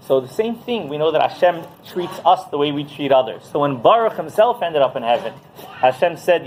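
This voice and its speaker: A man teaching as a rabbi, telling a story in a lively way and often asking "right?" as he goes. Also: a little high, brisk, slight background noise, poor audio. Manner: animated, keeps asking "right?". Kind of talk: Torah class storytelling.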